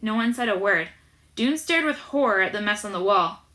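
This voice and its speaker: Bright expressive woman reading a storybook. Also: mid-range voice, normal speed. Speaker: audiobook narrator. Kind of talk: audiobook reading.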